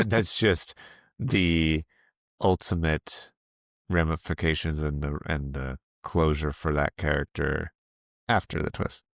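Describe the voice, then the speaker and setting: A man co-hosting a film podcast in casual chat, halting and restarting mid-sentence, laughing at himself. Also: extremely low pitch, steady tone, dry recording, studio quality. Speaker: podcast co-host.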